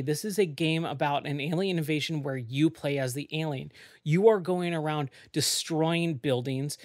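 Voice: medium pitch, no echo, clean studio sound. A podcast host talking casually on their own, rambling with lots of fillers and self-corrections. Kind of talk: casual solo podcast talk.

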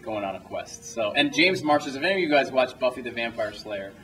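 A man's voice: medium pitch, lively intonation, fairly quick, a bit bright, far from the mic, poor audio. A young man answering audience questions after a film screening, telling loose anecdotes, restarting sentences and laughing often. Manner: rambling, self-interrupting, laughs often. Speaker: filmmaker at a screening Q&A. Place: cinema auditorium, small audience.

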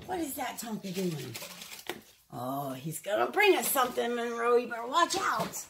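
Female pet vlogger at home; sweet, playful, unhurried talk, bright sing-song delivery. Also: on the high side, big pitch swings, a little hiss or hum. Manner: playful, talks sweetly to her dogs and viewers. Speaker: vlogger, dog owner. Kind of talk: casual pet vlog.

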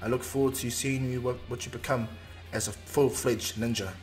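A man's voice: mid-range voice, fairly even intonation, normal speed, darkish tone, faint music behind, natural voice. A man voicing a kind male ninja teacher in a fan-told anime story. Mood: tender.

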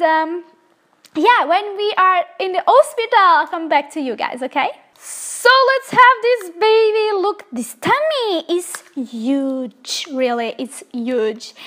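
A young woman of Korean native tongue, hosting a life-sim let's play with excitable, gushing commentary full of fillers. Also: sits high. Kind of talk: casual gameplay commentary.

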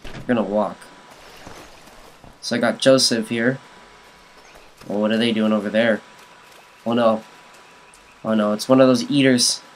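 A young man giving jokey let's play commentary on a zombie game, yelling at enemies and talking to his viewers. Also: mid-range voice, steady tone, normal speed, pauses often, poor audio. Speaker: gaming YouTuber.

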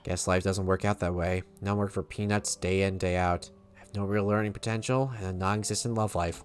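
A man voicing a gloomy young male part-timer who is down on himself, reading game dialogue in a low, subdued, mopey voice. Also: steady tone, brisk, a little hiss or hum, close to an everyday voice. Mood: glum. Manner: mopey, self-pitying delivery.

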